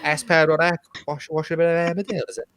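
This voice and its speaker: A man's voice: on the high side, little pitch movement, fast talker, fairly bright tone, smooth, no room sound, studio quality, pitched above the performer's own voice, lightly acted. A man putting on a mock Welsh local, teasing. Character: man from a comic caricature of a working-class Welsh local.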